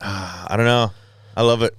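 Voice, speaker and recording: A young man co-hosting a podcast, easygoing and quick to laugh, sometimes reading facts aloud. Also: fairly low pitch, steady tone, a bit bright, a little hiss or hum. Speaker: podcast co-host. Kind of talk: casual chat.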